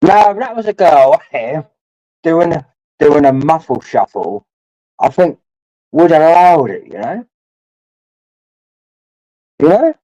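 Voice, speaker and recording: A man's voice: on the high side, very animated, takes it slowly, long pauses, mellow, no room sound. A man, talking rambling and crude to his livestream chat while drinking, swearing often and calling viewers his lads. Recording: dull lo-fi stream audio.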